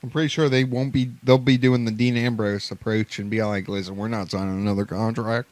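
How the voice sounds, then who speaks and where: A man's voice: on the low side, fairly even intonation, brisk, darkish tone. A man co-hosting a podcast in casual chat, teasing his friends with dry banter. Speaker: podcast co-host.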